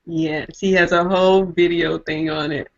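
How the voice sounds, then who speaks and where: A woman's voice: fairly low pitch, fairly even intonation, moderate pace, dull audio. A woman in a casual group call who laughs often and encourages the others. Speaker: community call participant.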